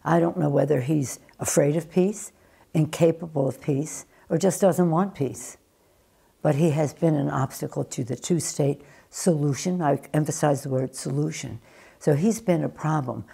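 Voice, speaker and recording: An older American woman answering questions in a news interview, deliberate and emphatic, often restarting her sentences. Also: low voice, fairly even intonation, creaky, dark tone, husky. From United States. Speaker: interviewee, former politician.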